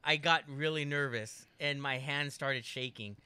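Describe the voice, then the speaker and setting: A man co-hosting a podcast, telling a story in casual chat, animated and laughing often with rambling restarts. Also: medium pitch, unhurried, clean tone. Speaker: podcast co-host.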